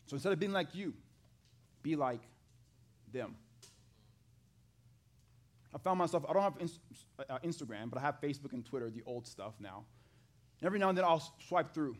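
A man preaching a sermon to a live congregation, acting out the scripture dialogue in an animated way and talking with the people in the pews. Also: on the high side, brisk, long pauses. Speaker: pastor. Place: church hall with a live congregation.

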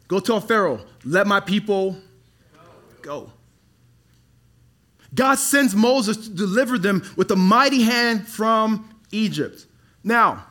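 High-voiced man preaching with sudden hushes. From Dallas, Texas. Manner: animated preaching, drops to quiet near-whispers for emphasis. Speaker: pastor. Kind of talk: sermon.

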